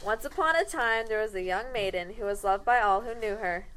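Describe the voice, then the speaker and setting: A woman's voice: medium pitch, brisk, a bit bright, a little hiss or hum, poor audio. A woman narrating a comic fairy tale in a wry tone, correcting herself and the cast along the way.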